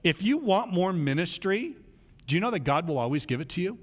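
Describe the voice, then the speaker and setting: High, animated preacher in a reverberant hall. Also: male voice, brisk. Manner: animated, conversational preaching that acts out quoted voices. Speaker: pastor. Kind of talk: sermon.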